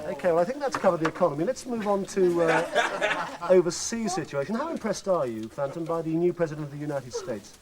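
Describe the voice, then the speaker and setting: A man presenting a mock political interview on live children's TV, deadpan and mock-serious. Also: a little high, fairly quick, crowd noise. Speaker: comedy presenter.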